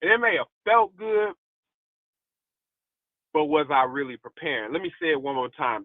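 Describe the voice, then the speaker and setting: A man's voice: on the high side, sing-song, moderate pace, pauses often, dry recording. A man giving a motivational devotional talk as a preacher, emphatic and testifying, repeating key lines for emphasis. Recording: tinny phone-like audio, dry.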